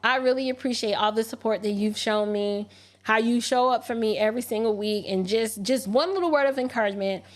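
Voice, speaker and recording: A woman hosting a casual livestream, reading viewer messages aloud and answering them with lively, sassy asides. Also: a little high, fairly quick. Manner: animated, talks back to viewers, slips into sassy mock voices. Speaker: livestream host. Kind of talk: casual livestream chat reading super chats.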